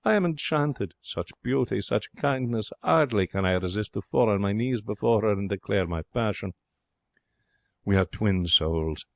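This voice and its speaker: Brief: male narrator as a romantic young Frenchman, theatrical, broken English, lowish voice, dry studio sound. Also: animated, moderate pace, vocal fry, no room sound. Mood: excitable. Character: excitable young Frenchman, romantic would-be artist. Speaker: audiobook narrator. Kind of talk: audiobook reading.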